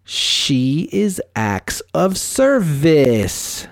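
A man's voice: on the high side, huge pitch swings, extremely slow. Brash, profane man telling stories. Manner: brash, profane storytelling with acted-out quotes. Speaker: podcast host giving relationship advice. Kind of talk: casual podcast chat.

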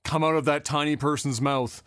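A man in his thirties chatting on a gaming podcast, his voice sitting a little higher than most. He tells stories in an animated way, full of fillers and bursts of mimicry. The sound is close and dry. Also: normal speed, no echo. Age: 30s. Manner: animated storyteller, mimics voices, laughs often. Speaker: podcast co-host. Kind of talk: casual chat.

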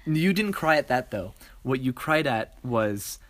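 Brief: podcast co-host, woman with a very low voice, measured and explanatory, dry close sound. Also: big pitch swings, no echo. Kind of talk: casual chat.

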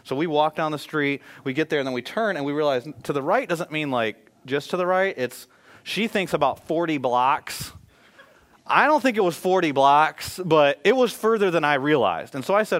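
A man's voice: on the high side, moderate pace. A man preaching a sermon as pastor, telling funny stories about himself before turning to scripture. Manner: animated storytelling, self-deprecating humor.

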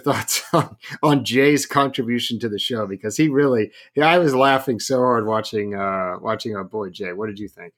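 A man's voice: medium pitch, a bit bright. A man hosting a sports podcast, rambling loosely, laughing and steering the conversation. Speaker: podcast host. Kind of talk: casual sports podcast talk.

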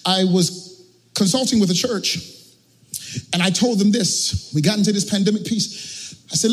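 A male pastor preaching a sermon in church, sliding into a chanted, sung cadence and rising to shouts. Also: high voice, normal speed, long pauses, long reverb tail.

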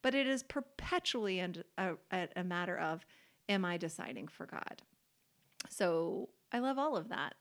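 A podcast co-host on a relaxed faith show, a woman with a lowish voice at normal speed, talks in an easy, chatty way full of "like" fillers. She laughs readily and stresses the words that matter to her.

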